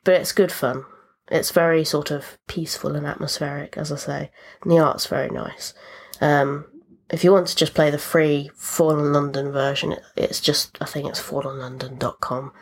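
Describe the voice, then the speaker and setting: A woman's voice: sits low, fairly even intonation, moderate pace, husky. A woman hosting a podcast, chatting casually and rambling about the video games she has been playing. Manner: chatty, rambling with fillers and asides. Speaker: podcast host.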